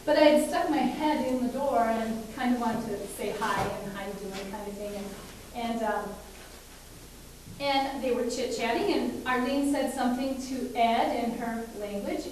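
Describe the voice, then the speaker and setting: A woman casually telling a story from her work at a care home, chatty and halting with many fillers. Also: fairly high pitch, darkish tone. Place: live performance space. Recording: echoey, distant room recording with hiss.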